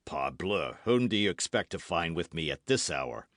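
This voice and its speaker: Brief: composed, weary nobleman musketeer, a touch lower, voiced by a male narrator, dry. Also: sing-song, a bit bright, no echo. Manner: low, measured and composed. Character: calm, phlegmatic older male musketeer. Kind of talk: audiobook character voice.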